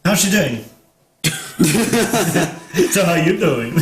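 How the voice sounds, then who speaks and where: A man's voice: fairly high pitch, expressive, extremely slow, soft background music. A man playing a tabletop game, talking bluntly and casually. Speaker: player. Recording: echoey room.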